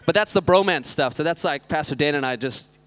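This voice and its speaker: A man's voice: fairly high pitch, fairly quick, fairly bright tone. A man in his thirties giving a casual, chatty sermon with lots of joking asides, speaking as a church youth pastor. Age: 30s.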